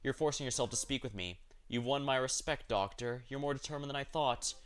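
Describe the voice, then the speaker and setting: A man voicing a hoarse dying demon king. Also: mid-range voice, a little fast, a bit bright, natural voice. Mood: scornful. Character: dying old male demon king, proud and scornful. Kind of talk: dramatic reading of game story.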